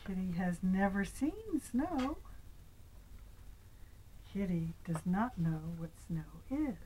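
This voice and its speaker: An older woman reading a picture book aloud to her grandchild, gentle, asking the child little questions, sometimes dropping into a whisper. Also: mid-range voice, big pitch swings, takes it slowly, slight background noise, poor audio.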